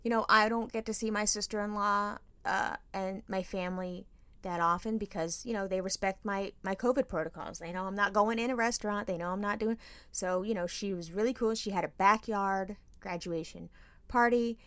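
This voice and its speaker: A woman's voice: mid-range voice, normal speed, no echo. A woman co-hosting a podcast, telling a story in casual chat and acting out the people she quotes. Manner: animated storyteller, acts out quoted voices. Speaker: podcast co-host.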